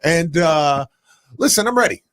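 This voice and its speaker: A man's voice: fairly high pitch, unhurried, dry recording. A man co-hosting a sports radio show, telling a story with lots of laughter. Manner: animated storyteller, laughs often. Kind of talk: casual sports radio chat.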